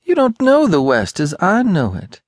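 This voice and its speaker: A man's voice: sits high, wildly swooping pitch, moderate pace, no room sound, studio quality, pitched above the performer's own voice. A man voicing a lean, buzzard-like frontiersman in an audiobook, sarcastic and doubting. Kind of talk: audiobook character voice.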